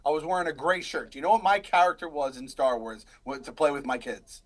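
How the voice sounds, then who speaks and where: Animated rambling man, higher voice. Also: quick pace. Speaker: podcast co-host. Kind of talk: casual live stream chat.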